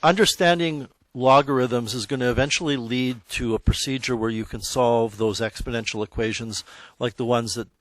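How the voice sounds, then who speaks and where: A man teaching a math class, explaining in a relaxed, conversational way that stops to check in with the students. His voice sits at an ordinary middle pitch for a man. The sound is dry and close, with little room echo. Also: normal speed. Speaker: high school math teacher. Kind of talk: classroom lecture.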